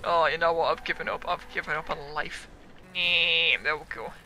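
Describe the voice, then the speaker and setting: A young man, a gaming YouTuber, giving loud, excitable commentary on his own play, yelling, swearing and laughing. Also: a little high, moderate pace, a little hiss or hum.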